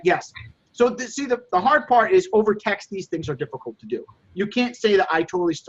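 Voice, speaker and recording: A man's voice: high-pitched, lo-fi sound. A man hosting a casual group chat, coaching listeners in an emphatic, repetitive way and acting out sales dialogues. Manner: emphatic, repeats himself, acts out buyer dialogues. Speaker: host coaching phone resellers.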